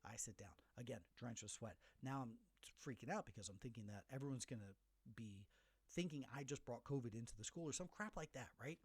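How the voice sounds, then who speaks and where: A man's voice: medium pitch, a little fast, slightly rough, no echo. A middle-aged man hosting a solo podcast, telling a story with animation and acting out the voices of the people in it. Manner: animated storyteller who acts out the voices of others. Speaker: podcast host.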